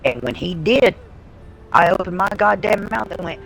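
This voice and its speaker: A woman's voice: medium pitch, animated, normal speed, gravelly, faint music behind, rough recording. A woman livestreamer telling a story in casual talk, blunt and heavily profane. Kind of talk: casual storytelling on a live stream.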